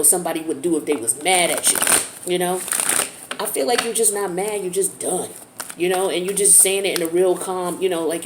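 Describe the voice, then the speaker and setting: A woman's voice: fairly low pitch, a little hiss or hum. A woman giving a casual tarot reading in a chatty, slang-filled way. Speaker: tarot reader.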